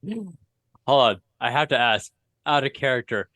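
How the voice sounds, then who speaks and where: A man's voice: medium pitch, sing-song, normal speed, sharp tone, no room sound. A man playing a tabletop game, chatting casually and hesitantly, often restarting himself. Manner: hesitant, self-interrupting. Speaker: player.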